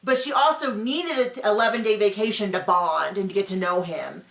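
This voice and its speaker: A woman hosting a casual reaction show. She talks in an animated, sarcastic way and often mimics people. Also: medium pitch, a little fast, vocal fry. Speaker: podcast host recapping a reality show. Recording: roomy home room.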